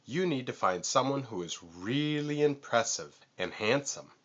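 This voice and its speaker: A man's voice: mid-range voice, lively intonation, a little slow, fairly bright tone, dull audio, voice pushed up. A man voicing a vain, pushy male vulture in a storybook read-aloud, boastful and screechy. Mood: smug.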